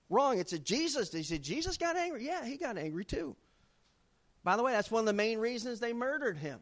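Animated man preaching a sermon. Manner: animated storytelling with dramatic swings in pitch and loudness. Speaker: pastor.

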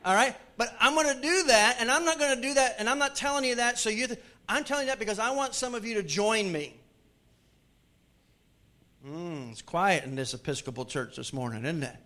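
A man preaching a sermon to his congregation in a church, joking with the crowd and swinging from loud calls to hushed pleading. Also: high voice, brisk. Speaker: pastor. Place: church sanctuary.

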